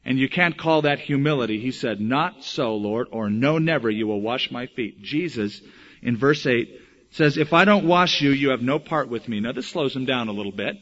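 A man preaching a sermon, telling Bible stories with animated delivery and acting out the quoted voices. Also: mid-range voice, normal speed, highs cut off. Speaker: pastor.

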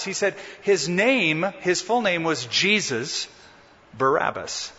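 A man's voice: a little high, pushed and bright. A man preaching a sermon as pastor, emphatic and dramatic, stretching out key words. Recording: muffled sound in a reverberant hall.

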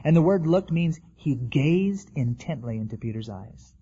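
Preacher with a husky, mellow voice. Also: male voice, on the high side, lively intonation, moderate pace, muffled recording. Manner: conversational preaching, acts out quotes. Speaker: pastor. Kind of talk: sermon.

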